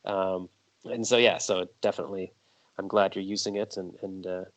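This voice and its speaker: A man's voice: deep voice, flat delivery, moderate pace. A man hosting a podcast, chatting casually and telling rambling stories in an interview. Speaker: podcast host.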